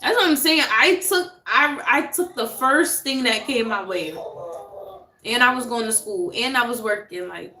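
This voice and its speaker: A woman's voice: a little high, normal speed, bright, forceful tone. A woman, chatting casually with viewers on a livestream, laughing often and reading out names. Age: 30s. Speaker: livestream host. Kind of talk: casual live chat with viewers. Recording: roomy echo.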